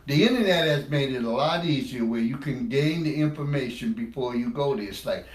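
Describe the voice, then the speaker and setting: A fairly quick, mid-range male voice in a reverberant space belongs to an American speaker on language. He delivers a loose, informal monologue full of repeated words and self-directed laughter.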